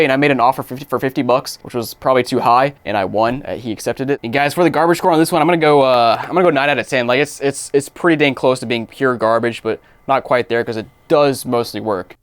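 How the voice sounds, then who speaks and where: Fast-talking excitable man reviewing gadgets. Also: mid-range voice, dry recording. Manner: excitable, quick reactions and exclamations. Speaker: tech YouTuber reviewing consoles. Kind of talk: casual unboxing commentary.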